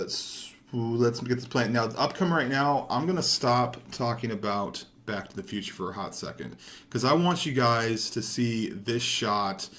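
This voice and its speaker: Rambling, foul-mouthed young male gamer. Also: mid-range voice. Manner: rambling, profane, easily excited. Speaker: gaming commentator. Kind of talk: casual commentary over gameplay.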